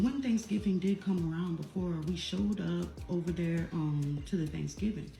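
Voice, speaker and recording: A woman's voice: lowish voice, creaky, mellow. A young woman telling a family drama storytime in a casual, blunt and profane way. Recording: roomy echo with faint music.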